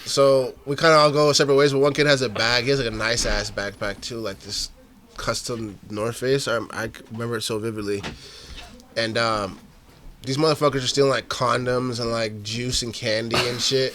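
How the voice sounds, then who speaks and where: A young man, telling profane stories in an animated, slangy way in casual podcast chat. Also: medium pitch, moderate pace, a little hiss or hum. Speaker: podcast guest or host.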